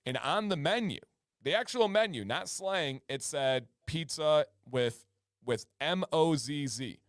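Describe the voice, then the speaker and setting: A man's voice: on the high side, lively intonation, measured pace, no room sound, studio quality. A man co-hosting a casual livestream chat, chatty and acting out pronunciations as he explains. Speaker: co-host.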